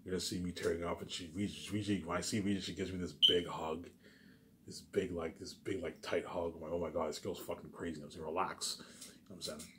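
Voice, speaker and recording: A man's voice: deep voice, level tone, brisk, background noise. A man rambling through a daydream monologue, stumbling over restarts and saying "obviously" and "you know what I'm saying" over and over. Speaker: vlogger.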